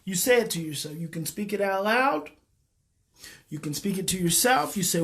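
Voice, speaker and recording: A man, a parenting educator, leading a guided emotional exercise in a slow, repetitive coaching cadence. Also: high voice, expressive, a bit bright, breathy edge.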